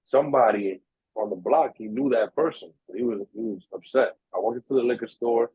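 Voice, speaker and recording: This young, husky-voiced New Yorker, a podcast co-host, spins an animated story at a fairly quick clip in a mid-range voice. He swears freely and acts out quoted voices, over a tinny, dry, narrow-band line with no echo.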